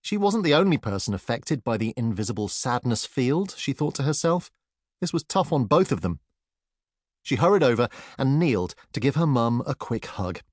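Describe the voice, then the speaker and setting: Reading scripted narration for a children's audiobook, a man tells the story in an expressive way. The recording is dry and studio-clean, and his mid-range voice keeps a normal speed.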